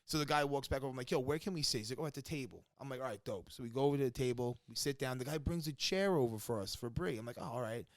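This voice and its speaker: Man, podcast co-host, quick casual storytelling, dry close sound. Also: medium pitch, dry recording. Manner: quick, animated retelling with quoted dialogue.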